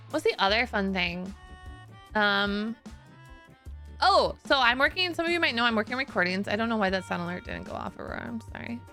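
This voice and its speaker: A woman chats loosely with her stream audience, trailing off into fillers and breaking into laughter between thoughts. Her voice is bright and forceful. Faint music plays behind her. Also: mid-range voice. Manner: chatty and storytelling, laughs often, many "like" fillers. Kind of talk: casual chat.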